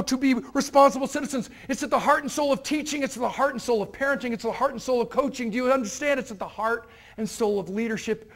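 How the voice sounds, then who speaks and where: A man giving a motivational keynote to university students, telling stories and acting out the characters in them. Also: very high-pitched. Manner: animated, acts out characters in his stories. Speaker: motivational speaker. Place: university event hall.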